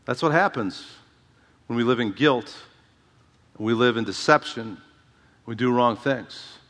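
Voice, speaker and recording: A male pastor preaches through a passage with a bright, forceful delivery. He repeats words and calls out "Amen?" to his listeners. His voice carries a long, echoing hall reverb. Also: medium pitch, unhurried. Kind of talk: expository sermon.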